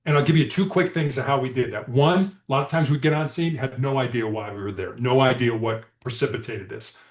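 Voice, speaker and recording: A man's voice: mid-range voice, brisk. A man guest on a podcast, telling stories in a conversational way and acting out quoted dialogue with animation. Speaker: podcast guest, former hostage negotiator. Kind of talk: conversational storytelling. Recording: echoey room.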